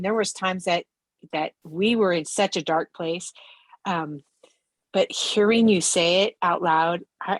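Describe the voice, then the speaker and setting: A woman's voice: lowish voice, dry recording. A woman who owns a business, giving an emotional, grateful thank-you on a video call. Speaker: award-winning business owner.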